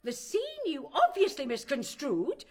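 A woman's voice: high-pitched, big pitch swings, a little slow, a little mellow. An actress playing a haughty, pompous older mother who speaks of herself as "one", in rhymed stage verse. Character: haughty pompous old mother, stubbornly devout. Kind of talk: stage play in rhyming verse.

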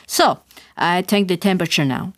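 A woman voicing a brisk middle-aged mother who is a nurse, with a clipped, matter-of-fact manner. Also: on the low side, no room sound, clean studio sound, lightly acted.

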